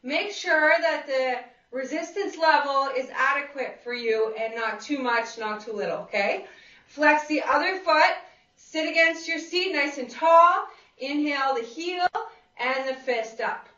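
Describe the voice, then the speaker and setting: A woman with a fairly high voice speaks a little slowly, her tone pushed and bright. She's a fitness instructor running a live seated exercise class, upbeat and encouraging as she calls out counts and cheers the group on in an exercise room full of participants. The recording sounds echoey, captured from a distance on a dull lo-fi mic.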